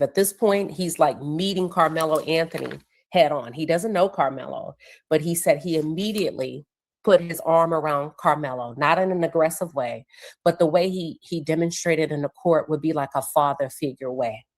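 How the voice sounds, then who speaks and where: A woman hosting a livestream show, recounting court testimony in a casual, conversational way and pausing to check her notes. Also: low voice.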